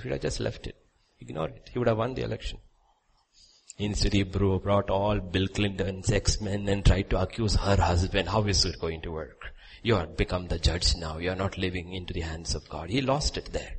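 A male preacher delivering a sermon, moving from quiet asides to loud, soaring exhortation and repeating short commands for emphasis. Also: deep voice, moderate pace, vocal fry, breathy edge.

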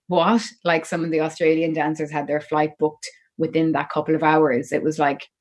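Irish woman, interview guest, low and chatty, rambles through a story. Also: level tone, normal speed. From Ireland. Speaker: guest musician. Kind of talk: casual interview chat.

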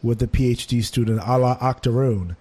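A man's voice: mid-range voice, brisk, breathy edge. Chatty man reviewing a play. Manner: animated, mimics voices when quoting. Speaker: theater reviewer. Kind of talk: casual conversational review.

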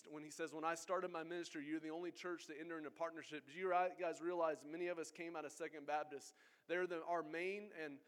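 Man, pastor, sermon, earnest exhorting tone, slightly high voice. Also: clear, resonant tone. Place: church sanctuary.

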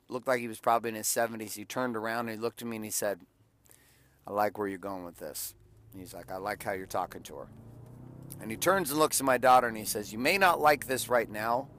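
A Californian father and podcaster in his forties tells a parenting story in a mid-range, fairly bright voice. His blunt motivational monologue is profane and preachy.

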